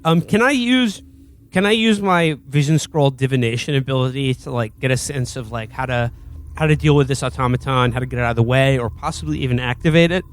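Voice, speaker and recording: Guy at a tabletop game, deadpan, asking the dm stuff. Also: mid-range voice, brisk. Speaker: player. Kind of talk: casual tabletop play.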